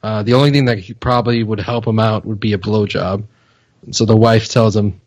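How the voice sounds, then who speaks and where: A man co-hosting a casual sports podcast, teasing and telling jokes deadpan. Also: on the low side, fairly quick, dry recording. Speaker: podcast co-host.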